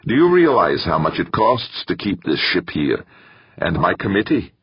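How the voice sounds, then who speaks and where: A man voicing a weary older male committee chairman who speaks in a measured, grave way. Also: sits low, big pitch swings, breathy edge, no echo, dull audio, voice pushed up, full character voice. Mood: strained.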